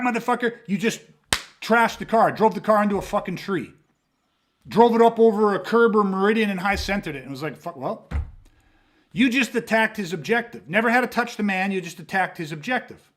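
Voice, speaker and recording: High-voiced blunt self-defense podcast host. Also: male voice. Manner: blunt, emphatic, heavy swearing, acts out scenarios. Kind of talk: casual podcast talk.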